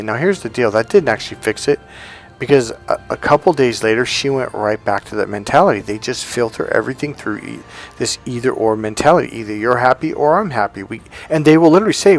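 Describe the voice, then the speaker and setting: A man's voice: mid-range voice, quick pace, gravelly, faint music behind. A middle-aged man, a relationship coach, telling a personal story in a casual monologue and acting out both sides of an argument. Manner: animated storytelling, acts out both sides of a quarrel.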